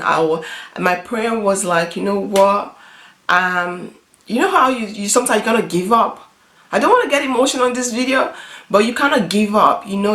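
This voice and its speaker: A young adult woman talking earnestly in a personal vlog, halting and restarting often. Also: fairly low pitch, a bit bright. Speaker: beauty vlogger. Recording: roomy echo.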